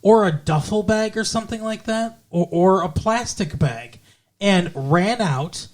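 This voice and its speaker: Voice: mid-range voice, expressive, unhurried. A podcast co-host in casual chat, laid-back, adding asides and corrections while recapping a TV episode.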